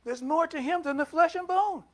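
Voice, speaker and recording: An older man preaching a sermon in a conversational way, putting questions to the congregation and moving between loud and soft. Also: very high-pitched, moderate pace. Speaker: minister.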